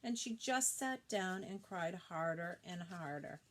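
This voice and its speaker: A woman reads a storybook aloud to children, pausing to point out the pictures. Her voice is expressive and moves widely in pitch. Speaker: storybook reader.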